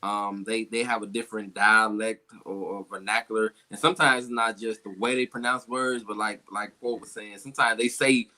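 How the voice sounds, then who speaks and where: A man's voice: on the low side, steady tone, normal speed, hardly any pauses, bright, forceful tone. A man in a casual group chat, explaining his thoughts at length.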